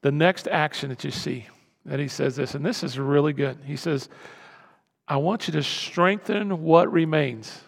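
A man preaching a sermon as pastor, swinging from low, quiet asides to loud, urgent exhortation. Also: measured pace, vocal fry. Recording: long hall reverb.

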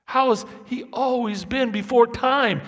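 A man in his sixties preaching a sermon, swinging from low, quiet asides to loud, impassioned peaks. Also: unhurried. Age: 60s. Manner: impassioned, building to loud emphatic peaks then dropping low. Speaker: pastor. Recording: echoey hall.

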